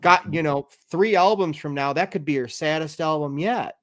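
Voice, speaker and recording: Brief: male podcast host, animated and profane, higher-pitched voice, casual chat. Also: normal speed. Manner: animated, swears freely, rises high when excited.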